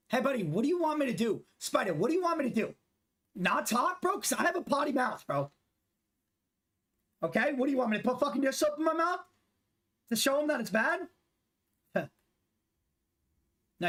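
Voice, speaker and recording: A man's voice: sits high, fairly bright tone. A man in his twenties chatting casually and profanely while streaming a basketball video game with teammates. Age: 20s. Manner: loose, profane, rambling banter. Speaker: gaming streamer. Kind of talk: casual live-stream chat during gameplay.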